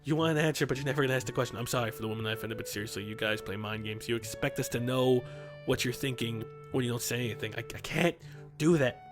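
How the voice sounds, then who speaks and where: A man's voice: mid-range voice, quick pace, music in the background. Tired young man cursing through commentary. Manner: profane, joking asides. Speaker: gaming host. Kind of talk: visual novel read-aloud with commentary.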